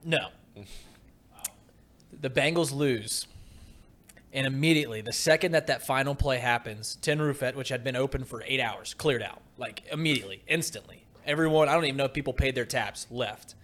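A man co-hosting a casual sports talk show, telling a lively story and getting loud when he acts out his rant. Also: mid-range voice, moderate pace. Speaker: podcast co-host.

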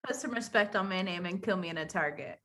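A woman's voice: lowish voice, fast, a bit bright, slightly rough. A young woman co-hosting a casual horror movie chat, making wry jokes. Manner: wry, jokey. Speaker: podcast co-host.

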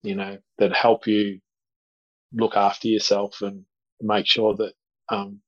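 A man telling a story as a podcast guest, halting with many restarts. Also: on the low side, monotone, lo-fi sound. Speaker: guest speaker.

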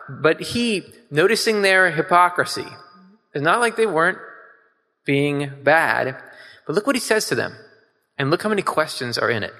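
Bright-voiced man preaching in a hall. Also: a little high, expressive, normal speed. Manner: conversational, emphatic, asks the audience questions. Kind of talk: casual sermon with scripture reading. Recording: long hall reverb.

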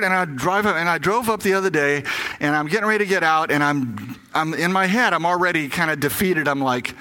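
Older man preaching with a bright voice. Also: on the high side, brisk. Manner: candid personal storytelling, acting out his own inner voice. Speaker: pastor. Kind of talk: conversational sermon.

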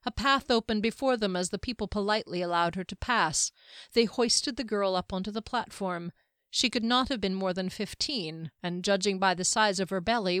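A woman reading a fantasy novel aloud in a steady, even storytelling manner. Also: medium pitch, dry recording, clean studio sound. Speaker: audiobook narrator. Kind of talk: scripted fantasy narration.

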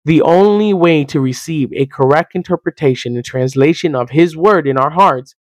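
A man's voice: fairly high pitch, moderate pace, dry recording. A man giving an earnest, conversational sermon, teaching in plain words and repeating his points for emphasis. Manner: earnest, plain-spoken preaching with repetition. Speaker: Christian podcast host and teacher.

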